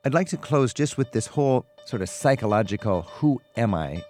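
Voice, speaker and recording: A man hosting a radio travel show, asking questions in a relaxed, conversational way. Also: mid-range voice, fairly quick, soft background music. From United States. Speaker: host.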